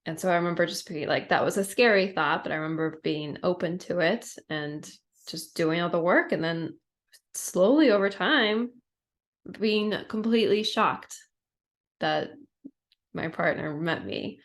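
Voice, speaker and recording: Woman, podcast guest, fairly low voice, reflective, casual storytelling, lots of "like" and "you know". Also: a little slow.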